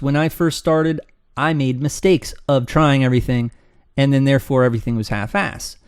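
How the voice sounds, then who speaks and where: A man's voice: medium pitch, no echo, clean studio sound. A man teaching how to start an online business in a loose, rambling way, acting out his students' complaints. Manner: rambling, animated, acts out students' voices. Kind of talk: casual screen-share teaching.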